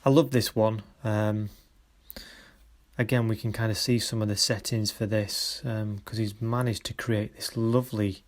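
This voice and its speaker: This low-pitched man keeps a steady tone while guiding a photography workshop. He gives students supportive comments on their pictures, pausing frequently in a halting manner.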